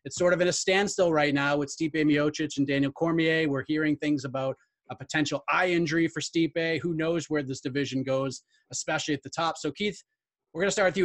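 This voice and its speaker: A man hosting a podcast panel, setting up topics briskly and calling on each panelist in turn. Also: a little high, fairly bright tone. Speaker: host.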